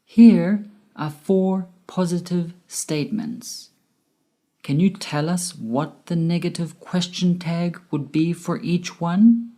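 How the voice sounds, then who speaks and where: A woman with a low, mellow voice narrates a grammar lesson. She speaks at an unhurried pace and pronounces each word clearly, like a teacher reading from a script. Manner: slow, careful, clearly enunciated explanation. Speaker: English teacher.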